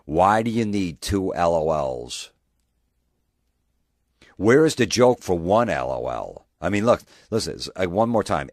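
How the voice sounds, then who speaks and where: A man's voice: low voice, sing-song, measured pace, darkish tone, no room sound, studio quality. A man hosting a podcast, ranting in a profane, sarcastic way and mocking people in put-on voices. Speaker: podcast host. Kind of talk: comedic rant.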